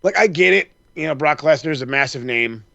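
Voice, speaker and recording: Bright-voiced man ranting on a podcast. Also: a little high, brisk, vocal fry, dry recording, highs cut off. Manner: profane, animated ranting. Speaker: podcast co-host. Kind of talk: casual chat.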